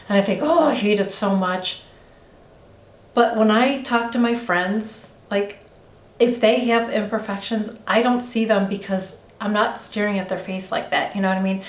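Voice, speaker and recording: A middle-aged woman talks through her makeup routine for a vlog in a mid-pitched voice, rambling along in a confiding, reassuring tone. She is recorded in a room with a noticeable echo. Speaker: beauty vlogger. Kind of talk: chatty get-ready-with-me vlog. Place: indoors at home doing her makeup on camera. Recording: roomy echo.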